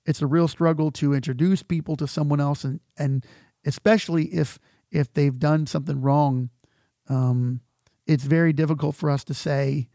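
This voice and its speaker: A man's voice: fairly high pitch, steady tone, unhurried, gravelly, mellow, no room sound, studio quality. A middle-aged man, a pastor giving an earnest, conversational teaching talk that often halts on repeated words.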